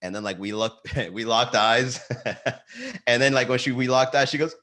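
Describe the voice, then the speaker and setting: A male comedian chatting on his daily live podcast in an ordinary mid-range voice. He tells rambling stories about his exes and swears freely. He keeps jumping into loud, high, exasperated voices to act out his reactions. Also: normal speed. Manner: animated storytelling, swearing, jumps into high excited voices for quotes. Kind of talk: casual live-stream chat. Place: Miami.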